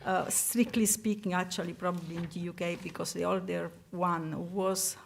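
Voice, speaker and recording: A woman's voice: fairly low pitch, steady tone, moderate pace, gravelly, slight background noise. An older woman from Italy with an Italian accent, speaking as a professor on a panel, self-deprecating and full of fillers and restarts. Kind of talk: panel talk.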